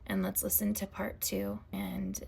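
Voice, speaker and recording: A woman hosting a storytime video who talks to viewers in a soft, intimate, confiding way. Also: mid-range voice, moderate pace, gravelly, noisy background. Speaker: storytime host.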